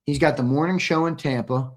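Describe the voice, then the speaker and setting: This young man talks a little fast, his voice on the high side and somewhat strained. He co-hosts a live sports stream, reading the chat aloud with cocky, foul-mouthed teasing.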